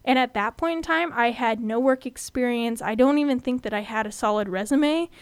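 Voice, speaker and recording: Young woman telling stories on her podcast, kinda high, smooth voice, dry close mic. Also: fairly quick, no echo. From California. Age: 20s. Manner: chatty, candid, animated when retelling. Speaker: student podcast host. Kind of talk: personal storytelling podcast.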